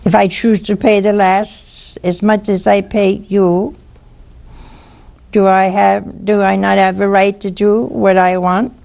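A woman delivering a televised sermon in a folksy, teasing manner. She speaks very slowly, and her voice is gravelly with creak. She keeps asking her viewers rhetorical questions. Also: mid-range voice, flat delivery, darkish tone. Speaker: preacher.

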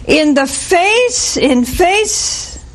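A woman's voice: very high voice, very animated, very slow, slight background noise. A woman preacher giving a folksy sermon, telling stories with frequent chuckles and asides like "see?". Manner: folksy storytelling, chuckles often, asks "see?".

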